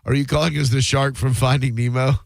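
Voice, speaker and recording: A man hosting a radio call-in show, joking dryly and firing back quick comebacks at callers. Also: medium pitch, flat delivery, creaky, no room sound. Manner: wisecracking, dry and quick with comebacks. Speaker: radio host taking calls. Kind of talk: casual radio talk show banter.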